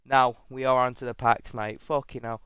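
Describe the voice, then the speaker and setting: A young man commentating over a video game pack opening, excitable and swearing freely, pleading with the game and yelping at reveals. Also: medium pitch, moderate pace, clean tone, no echo. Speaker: gaming content creator.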